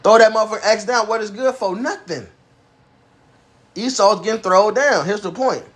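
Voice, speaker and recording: A man's voice: high-pitched, normal speed, fairly bright tone. A man preaching, reading scripture aloud and explaining it in blunt, profane street slang. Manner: profane, emphatic, reads King James verses then explains in slang; acts out a bragging axe in a mocking voice.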